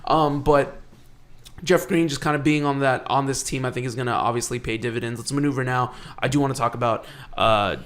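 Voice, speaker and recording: A man co-hosting a sports podcast, talking excitably in casual chat, often restarting and swearing. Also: mid-range voice, a little fast. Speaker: podcast co-host.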